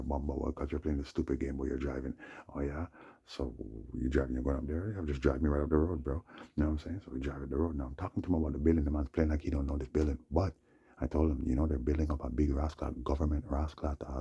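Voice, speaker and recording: A man's voice: a bass voice, gravelly, mellow, husky, dull audio. A man in his forties telling a long, meandering story in a slangy, casual way and often checking in with the listener. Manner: slangy, meandering, repeats "you know what I'm saying". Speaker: vlogger. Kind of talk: rambling storytelling monologue.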